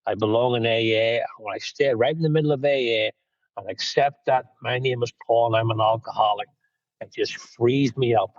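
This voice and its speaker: A man speaking slowly and earnestly as he closes his share in a recovery meeting on a video call. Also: medium pitch, no echo, highs cut off. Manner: slow, earnest, reflective. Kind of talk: closing a personal share.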